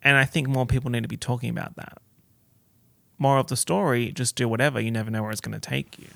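Young guy vlogging, super gushy and sweary, bright fry-heavy voice, dry close sound. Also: fast talker, no echo. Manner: animated, gushing, swearing, jumps in pitch for emphasis. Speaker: content creator. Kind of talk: excited storytelling vlog.

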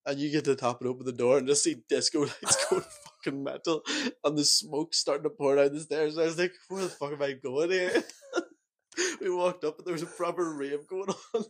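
A man's voice: fairly high pitch, expressive, moderate pace. Young guy, laughy, swears a lot, just chatting with a mate. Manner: laughing storyteller, heavy swearing. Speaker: podcast co-host. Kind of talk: casual chat.

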